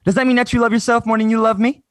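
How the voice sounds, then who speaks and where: A man's voice: very high voice, flat delivery, racing, voice pushed up. A man acting out the lines of his upset young ex-girlfriend during a stand-up set over a video call. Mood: accusing.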